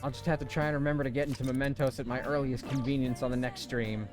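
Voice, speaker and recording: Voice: mid-range voice, little pitch movement, quick pace, over music. A streamer in their thirties chatting casually and rambling while playing a video game. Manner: chatty, self-amused, rambling.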